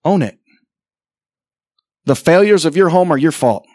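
A middle-aged man preaching an impassioned sermon in church, asking rhetorical questions and acting out dialogue, often rising to near-shouts. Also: on the high side, lively intonation, unhurried, no room sound, studio quality. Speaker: pastor. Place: church sanctuary.

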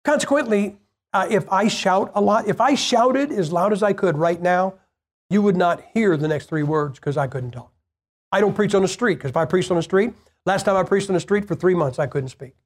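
An older man preaches in an easy, talking-to-you way, and his damaged vocal cords give a breathy edge as each sentence runs out of air. He stumbles and restarts often but keeps a plain, direct manner with his listeners. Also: high-pitched, moderate pace. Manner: conversational and plain-spoken, with repeated restarts. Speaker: evangelist preacher. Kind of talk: informal sermon to a group.

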